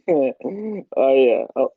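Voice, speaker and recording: A man's voice: medium pitch, extremely slow, slightly rough, no room sound, narrow, tinny audio. A man directing a voice session, rambling and laughing as he explains the scenes. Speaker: machinima director and writer. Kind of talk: casual directing chat.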